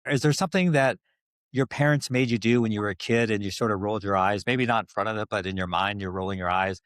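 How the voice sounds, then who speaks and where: A male podcast host with a low voice asks loose, rambling questions and recaps the conversation at a fast clip, often restarting mid-sentence. The sound is dry and close. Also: a bit bright, no room sound. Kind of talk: casual podcast interview.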